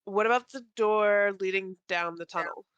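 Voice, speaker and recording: A woman's voice: medium pitch, normal speed, a bit bright, lo-fi sound, slight background noise. A woman playing a tabletop game, hesitant and thinking aloud. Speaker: player. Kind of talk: casual tabletop role-play.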